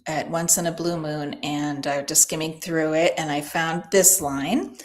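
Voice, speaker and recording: A woman author talking casually about her writing in an interview, thoughtful and quick to laugh, with frequent restarts. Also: low voice. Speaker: author guest.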